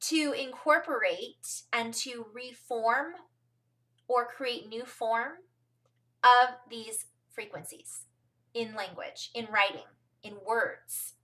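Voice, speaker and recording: A woman's voice: fairly high pitch, slow pace, pushed and bright, distant mic. A woman from California rambling through a casual spiritual talk to her viewers, with frequent ums and asides. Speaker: spiritual vlogger.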